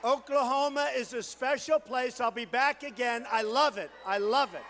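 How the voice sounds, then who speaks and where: Boastful, high-pitched rally speaker man. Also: normal speed, in a large hall, a little hiss or hum. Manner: boastful, repetitive, riffing to the crowd; building to shouted crescendos. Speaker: political candidate at a rally. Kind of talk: campaign rally speech.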